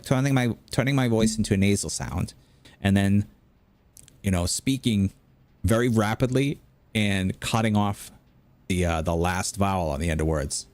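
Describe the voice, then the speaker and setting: A man's voice: lowish voice, darkish tone, no room sound. An American man chatting casually while playing a video game, rambling through stories and restarting his sentences. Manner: rambling, anecdotal, self-interrupting. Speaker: gameplay commentator.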